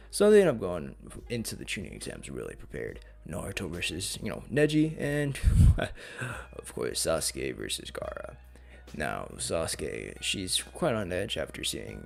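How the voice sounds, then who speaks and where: Gravelly, profane young-sounding storyteller man. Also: deep voice, a little mellow. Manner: profane, rambling, slangy. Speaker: channel host. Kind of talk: casual what-if story narration.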